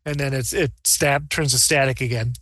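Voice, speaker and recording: Bright-voiced man running a tabletop game. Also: mid-range voice, normal speed. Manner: rambling, animated, breaks into character voices. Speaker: game master.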